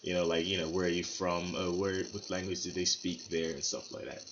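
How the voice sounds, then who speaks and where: Brief: man from Bermuda, low voice, bright forceful tone, rambling vlog storyteller, slightly dull lo-fi recording. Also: flat delivery, brisk. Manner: rambling, many fillers and restarts. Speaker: vlogger. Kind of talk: casual storytelling to camera. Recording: slightly dull lo-fi sound with faint noise.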